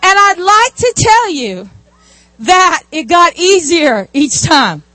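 High-voiced woman preaching. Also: takes it slowly, dry recording. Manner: animated storytelling with asides. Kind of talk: sermon.

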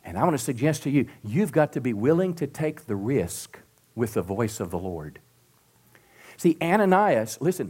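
A middle-aged man preaching to a church congregation, swinging from loud emphatic peaks to soft drops and calling out to the crowd for responses. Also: fairly high pitch, slightly rough. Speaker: pastor. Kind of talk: sermon. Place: church sanctuary.

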